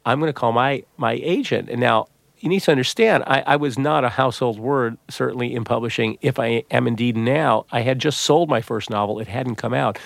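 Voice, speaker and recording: A middle-aged man, a novelist and psychologist, telling stories in an interview with lively restarts and repeats. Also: medium pitch, fairly quick, vocal fry, dry recording. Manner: animated storyteller, many restarts and repeats. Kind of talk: conversational interview.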